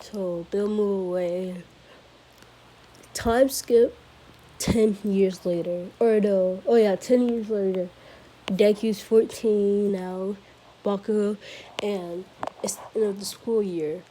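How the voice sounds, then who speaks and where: Mellow-voiced woman rambling through a story. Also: medium pitch, fairly even intonation, slow pace, long pauses. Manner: rambling, self-correcting, with fillers and giggles. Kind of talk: improvised fan-fiction storytelling.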